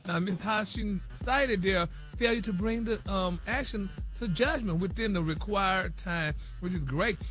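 A man reading celebrity news on a radio morning show, animated and gossipy, sprinkling in "y'all" and "honey". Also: high-pitched, unhurried, few pauses, faint music behind.

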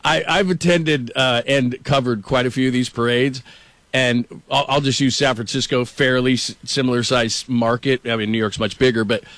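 A middle-aged man hosting a sports talk show, chatting casually and telling animated stories. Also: mid-range voice, moderate pace, no room sound. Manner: storytelling, animated, quotes people.

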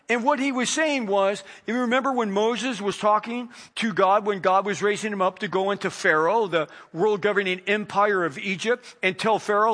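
Male preacher, high and bright voice, animated sermon that acts out the quoted lines. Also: moderate pace.

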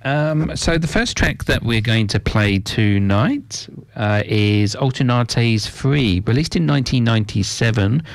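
A man hosting a radio show, presenting tracks in a relaxed, chatty way. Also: mid-range voice, a little slow, few pauses, dry recording. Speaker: radio host.

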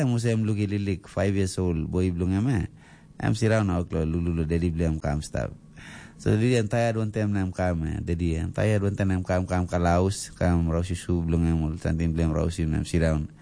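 A man's voice: low-pitched, creaky, dark tone, slight background noise. A man with a Papua New Guinean accent, a radio DJ telling a story in a rambling, casual way full of fillers.

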